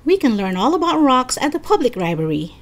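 A woman reading a storybook aloud and voicing a calm, thoughtful third-grade boy in a slightly raised voice. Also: high-pitched, brisk, pitched above the performer's own voice. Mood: reasoning.

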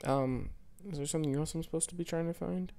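A man's voice: a little high, fairly even intonation, fast talker, vocal fry, noisy background. A man hosting a casual gameplay commentary, rambling and self-mocking as he fumbles along and mutters sound effects to himself. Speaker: gaming channel host. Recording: music playing under the voice.

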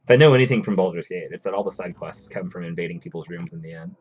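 This gamer's very low voice races along with a darkish tone and a breathy edge as he chats loosely with viewers and reads game text aloud. The sound is lo-fi.

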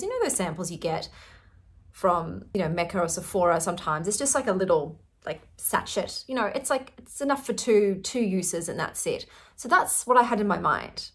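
A woman's voice: on the low side, lively intonation, normal speed. A woman in her forties with an Australian accent, chatting to camera in an effusive, giggly way. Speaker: vlogger. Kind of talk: casual chat to camera.

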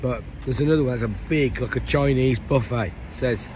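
A travel vlogger with a medium-pitched voice talks briskly while walking outdoors at night on a handheld camera, rambling chattily with many restarts. The noisy street recording picks up traffic sounds and barking dogs.

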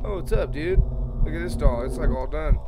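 A man's voice: a little high, a little fast, very noisy. A man playing a horror game and commenting, swearing and trash-talking the game's characters. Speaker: gaming YouTuber. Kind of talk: let's play commentary.

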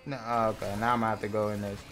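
A man's voice: fairly low pitch, level tone, rapid-fire, fairly bright tone, soft background music. A young man streaming a game live, ranting at his teammates in an irritated, profane way. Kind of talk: live gameplay commentary.

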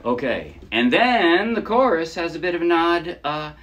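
A man's voice: on the high side, sing-song, measured pace, over loud music. A man teaching a ukulele lesson in a casual, chatty way, talking through chords and counting beats aloud as he plays. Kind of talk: casual instructional talk. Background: loud ukulele playing.

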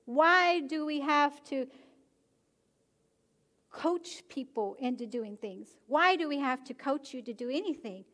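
Animated high-voiced woman pastor preaching. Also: a little slow. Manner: animated, rising to emphatic exhortation. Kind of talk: sermon. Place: church sanctuary.

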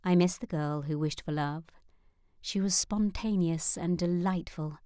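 A woman voicing a gentle but determined middle-aged mother in an audiobook, speaking calmly and firmly. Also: fairly low pitch, unhurried, smooth, dry recording, studio quality, lightly acted. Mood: tender. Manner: calm, soothing, firm.

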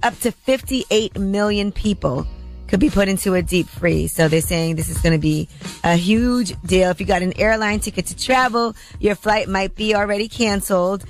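A woman co-hosting morning radio, delivering the news steadily and then steering a caller with practical questions. She keeps an even, down-to-earth tone, with faint music in the background. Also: mid-range voice, normal speed. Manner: steady, practical, laughs easily. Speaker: radio co-host.

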